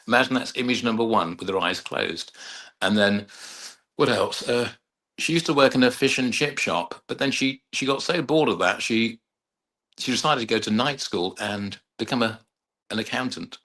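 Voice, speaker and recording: A man's voice: mid-range voice, moderate pace, fairly bright tone. A middle-aged man, a hypnotherapist, chatting casually in an interview and rambling through anecdotes while acting out what his clients said. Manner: rambling storyteller who acts out client dialogue. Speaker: hypnotherapist and mind coach, guest.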